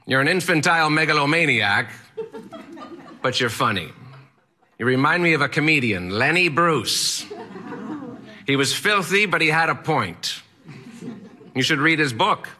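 A man's voice: a little high, animated, unhurried, long pauses, bright, forceful tone, voice pushed up, exaggerated voice. A man putting on an eccentric old teacher. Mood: amused. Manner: strange eccentric accent, blunt and theatrical. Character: eccentric old male Latin teacher, blunt and fond.

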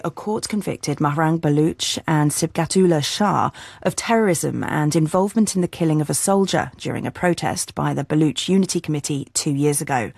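Deep gravelly woman reading radio news. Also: darkish tone, no echo. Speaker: newsreader.

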